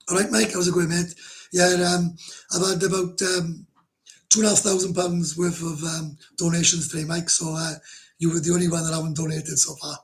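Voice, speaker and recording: Pitched a bit high for a man, his gravelly voice belongs to a middle-aged Welshman hosting a laid-back livestream. He reads viewer comments and chats in a blunt, meandering way, swearing liberally and laughing frequently.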